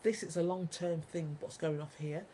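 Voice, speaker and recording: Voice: mid-range voice, steady tone, moderate pace, mellow, a little hiss or hum, poor audio. A speaker in an angry monologue to viewers, ranting, repeating and swearing heavily. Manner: ranting, heavily profane, repetitive. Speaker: vlogger.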